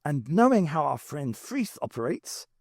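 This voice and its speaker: Dude voicing a decisive eccentric boffin, lively and sure of himself, dry mic. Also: male voice, on the high side, unhurried, vocal fry, no echo, full character voice. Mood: urgent.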